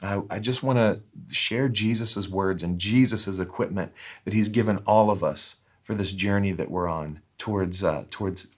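Earnest low-voiced man preaching. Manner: earnest, halting with restarts, slows down for scripture reading. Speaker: pastor. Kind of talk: sermon.

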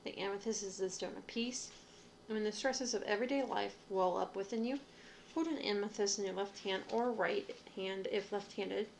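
Gravelly-voiced woman reading casually. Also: medium pitch, normal speed, a little hiss or hum. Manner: reads lists aloud with small stumbles and asides. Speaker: witchcraft podcaster. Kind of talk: casual reading from reference books.

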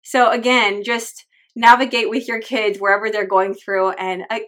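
A woman's voice: medium pitch, flat delivery, normal speed, a bit bright. A woman hosting a faith-based parenting podcast, speaking in a heartfelt, openly emotional and earnest way. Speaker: podcast host.

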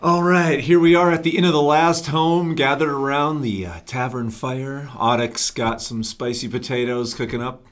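A man's voice: medium pitch, fairly even intonation, normal speed. A man co-hosting a nerd podcast, setting scenes in a playful, theatrical way. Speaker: podcast co-host. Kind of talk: casual chat.

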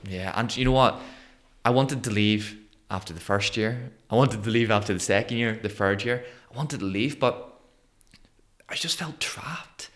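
A man in his thirties from Northern Ireland with a Northern Irish accent, a podcast guest telling his story in an animated way and acting out the voices of people he quotes. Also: lowish voice, normal speed. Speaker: guest, motivational speaker. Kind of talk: conversational storytelling interview.

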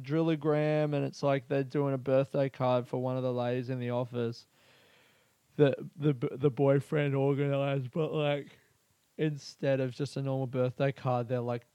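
A man's voice: medium pitch, dark tone, smooth, no room sound. Rambling, sweary Australian man. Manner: rambling, sweary, laughs often. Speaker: podcast host. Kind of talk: casual solo podcast monologue. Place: small bedroom.

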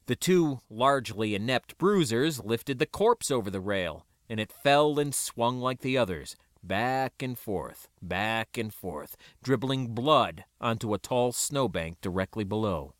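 A man narrating a first-person story aloud in an expressive reading. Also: medium pitch, measured pace, hardly any pauses, no room sound, studio quality. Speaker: audiobook narrator.

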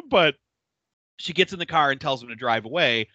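Lively, bright-voiced man recapping a film. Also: mid-range voice, no echo, highs cut off. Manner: animated, laughing often, swears freely. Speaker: podcast host. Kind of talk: casual chat recapping a horror film.

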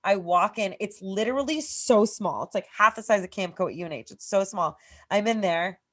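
A woman's voice: medium pitch, moderate pace, a bit bright. A woman in her thirties from Massachusetts, co-hosting a podcast and telling a long personal story in casual, profane speech full of "like". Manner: profane, rambling, heavy use of "like". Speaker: podcast co-host.

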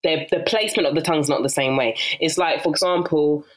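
A young woman with a deep voice and quick pace speaks in a South London accent as an interview guest. Chatting casually, she tells lively stories, mimics other people's voices, and laughs often.

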